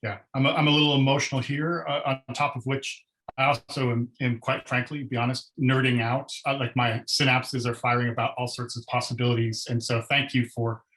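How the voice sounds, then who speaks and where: Halting, filler-heavy male webinar host. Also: medium pitch, rough recording. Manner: halting, many fillers, warm and enthusiastic. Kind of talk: moderating a webinar Q&A. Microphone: video call.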